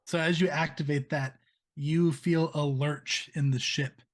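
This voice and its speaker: A man's voice: a little high, fairly even intonation, a little slow. A man narrating vivid scenes as game master of a tabletop horror game.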